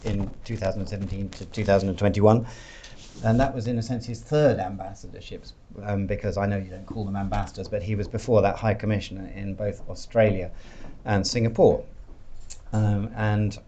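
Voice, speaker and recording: A man with a lowish voice opens a talk and introduces the speakers, filling his pauses with ums and uhs. The recording sounds dull and lo-fi, with the highs rolled off. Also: fairly even intonation, dark tone, slight background noise. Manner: hesitant, frequent um and uh fillers. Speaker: event host introducing speakers.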